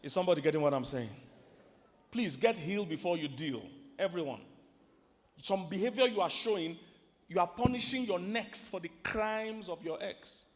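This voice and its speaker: A man with a Nigerian accent preaching a sermon to a live audience, animated and quizzing the crowd. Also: high voice, normal speed. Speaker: pastor and relationship teacher. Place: large hall with a live audience. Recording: long hall reverb.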